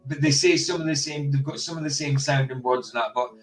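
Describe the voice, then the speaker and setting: A man, hosting a relaxed, rambling casual chat. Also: medium pitch, quick pace, faint music behind. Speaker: podcast host. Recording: distant from the mic.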